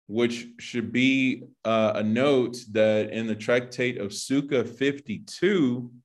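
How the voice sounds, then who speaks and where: A man preaching an informal sermon to his congregation. He talks loosely and conversationally, leaning on "like" and "you know" as he works through a passage. His voice sits at an ordinary middle pitch for a man. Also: slow, few pauses. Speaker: Bible teacher.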